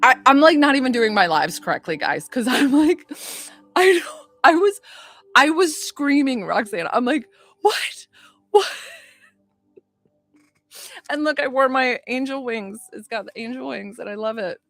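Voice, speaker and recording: A woman who works as a psychic medium and healer, chatting excitably on a livestream and greeting her viewers by name. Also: high voice, moderate pace, no room sound, faint music behind. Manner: gushing, excitable, chatty, reads out viewer names. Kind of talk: excitable casual livestream chat.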